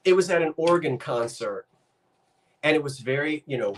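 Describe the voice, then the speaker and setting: A man's voice: a little high, expressive, moderate pace. An older man, co-hosting a casual chat and telling stories while mimicking how people talk. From New Jersey. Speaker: co-host.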